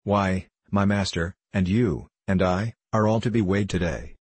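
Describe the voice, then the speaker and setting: A cheerful, devoted young manservant, as a narrator puts him on, earnest and eager in every word. The voice is low and a little husky, recorded close and dry for a storybook reading. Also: male voice, measured pace, a little mellow, no echo. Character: cheerful loyal young male servant.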